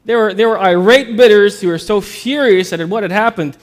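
A man with a high voice preaches a sermon and tells a story as he goes. He talks in a conversational, upbeat way, with casual fillers between phrases. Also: fast, few pauses.

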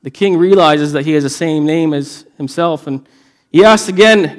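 A man's voice: a little high, fairly quick. A man preaching a sermon, earnest and emphatic, often restarting his phrases. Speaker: pastor.

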